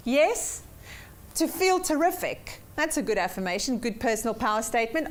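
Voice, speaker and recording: Woman, personal development teacher, high voice, upbeat, repeats for emphasis, workshop lesson. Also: big pitch swings, moderate pace. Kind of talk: weekly workshop lesson to a class.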